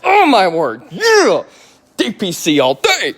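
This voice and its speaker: A man's voice: sits high, measured pace, creaky. Giddy man gushing over cars. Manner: wildly excited, gushing, repeats exclamations. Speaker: auto detailer showing his work. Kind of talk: live-streamed car reveal vlog. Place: outdoors beside parked cars.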